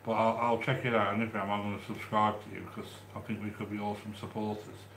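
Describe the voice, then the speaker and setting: A man from the English Midlands with a Midlands accent, hosting a live stream and chatting warmly with viewers as he reads their comments, with frequent restarts. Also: on the low side, flat delivery, fast talker, reverberant, a little hiss or hum. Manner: chatty and affectionate, with many restarts. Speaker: livestream host reading chat. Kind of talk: casual live-stream chat.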